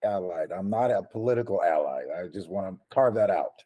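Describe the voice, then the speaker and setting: A man, a podcaster and activist guesting on a political talk show, measured and precise. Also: low-pitched, animated, warm tone, dull audio. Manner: measured, precise, careful with words.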